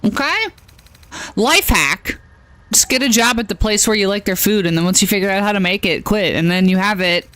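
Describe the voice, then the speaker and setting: A woman's voice: mid-range voice, moderate pace, fairly bright tone, dry recording. A woman streaming a video game, chatting casually in rambling asides and laughing often. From United States. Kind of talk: casual chat while playing a video game.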